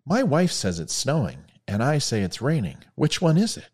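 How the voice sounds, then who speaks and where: A man's voice: medium pitch, huge pitch swings, moderate pace, darkish tone, breathy edge, pitched above the performer's own voice. A man joking as a stubborn young husband. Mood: insistent.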